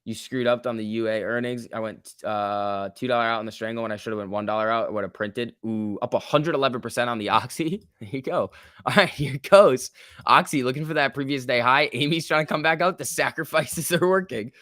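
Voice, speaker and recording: A man's voice: medium pitch, no echo, clean studio sound. Man chattering live over stock charts. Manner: loose running commentary, reads chat aloud, quick excited outbursts. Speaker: livestream host. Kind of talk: casual live trading stream chatter.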